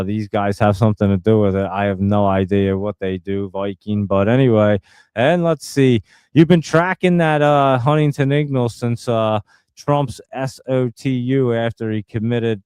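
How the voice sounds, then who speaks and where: A man's voice: lowish voice, darkish tone, smooth, no echo. A man hosting a live show, giving casual, rambling, joking market commentary and reading out viewers' chat. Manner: rambling, joking, loose and off-the-cuff. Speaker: livestream host.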